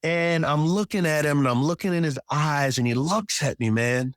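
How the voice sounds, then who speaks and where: Earnest dad telling a sports story. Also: male voice, on the high side, normal speed, dry recording, studio quality. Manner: earnest, casual, emphatic with "man" and "bro". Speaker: guest storyteller, father. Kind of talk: personal story told on a podcast.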